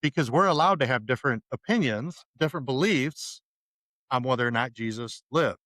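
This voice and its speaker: A man's voice: medium pitch, animated, fairly quick, fairly bright tone, no room sound. A man co-hosting a podcast in casual chat, making wry points by arguing both sides of a question. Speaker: podcast co-host.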